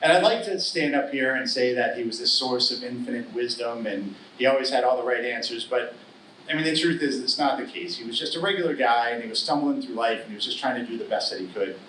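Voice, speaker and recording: A man's voice: medium pitch, quick pace, sharp tone, a little hiss or hum. A middle-aged man telling a true story at a live story slam, wry, earnest and humorous. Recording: roomy live hall, distant mic.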